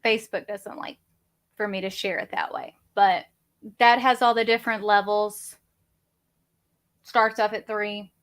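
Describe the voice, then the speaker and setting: A woman's voice: medium pitch, unhurried, pauses often, a bit bright. A woman, hosting a casual livestream chat from her home office in a rambling, chatty, self-deprecating way. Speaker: crafting channel host.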